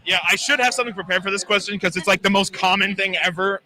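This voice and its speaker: Here a male voice actor talks fast in a high-pitched, bright, forceful voice. He's a guest on a live gaming-expo interview, keeping the chat casual and laid-back.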